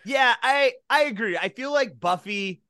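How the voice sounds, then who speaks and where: Bright, animated podcast co-host. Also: medium pitch, measured pace, no echo, studio quality. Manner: rambling, restarts, slips into mock voices. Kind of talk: casual chat.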